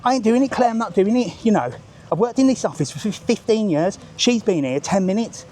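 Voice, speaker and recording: A man voicing a loud, self-important female jogger, complaining breathlessly as she chats nonstop. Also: mid-range voice, expressive, a little fast, slight background noise, pitched above the performer's own voice, lightly acted. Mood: whining. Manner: whiny, indignant, breathless chatter.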